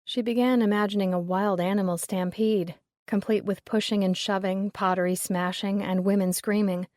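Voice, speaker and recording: A woman narrating a mystery audiobook in a steady, even, descriptive way. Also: medium pitch, normal speed, dry recording, studio quality.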